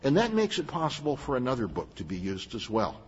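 A man's voice: medium pitch, huge pitch swings, brisk, a little hiss or hum. An older man preaching a sermon as a pastor, earnest and emphatic, with plain asides to his listeners. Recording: muffled, long hall reverb.

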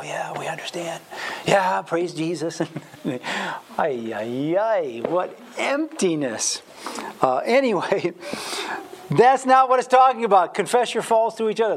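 A man giving a conversational Bible teaching, chatty and self-deprecating, with plenty of fillers. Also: high-pitched.

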